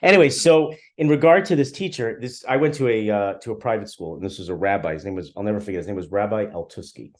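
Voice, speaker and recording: A man's voice: fairly low pitch, fast, few pauses. A man co-hosting a podcast in casual chat, blunt and teasing as he tells stories. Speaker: podcast co-host.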